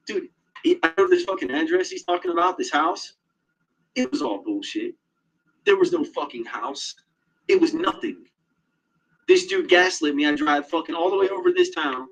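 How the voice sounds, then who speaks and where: Agitated, swearing man with a husky voice. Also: fairly high pitch, very animated, normal speed, rough recording. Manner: agitated, profane, heavy swearing. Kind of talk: casual monologue.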